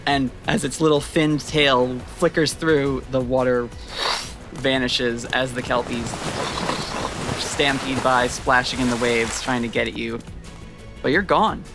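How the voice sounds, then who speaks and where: A woman's voice: extremely low pitch, steady tone, unhurried, music in the background. A woman narrating a tabletop horror game as game master, with chatty, descriptive storytelling.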